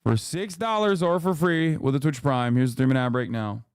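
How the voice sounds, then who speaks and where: Profane, ranting male streamer with smooth voice. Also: mid-range voice, brisk, no room sound, studio quality. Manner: animated, profane, sarcastic ranting. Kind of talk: live stream commentary.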